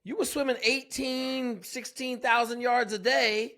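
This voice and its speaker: Male podcast host, high gravelly voice, laid-back slangy delivery. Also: fairly even intonation, unhurried, pushed and bright. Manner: casual slang, short affirmations. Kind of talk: casual podcast chat.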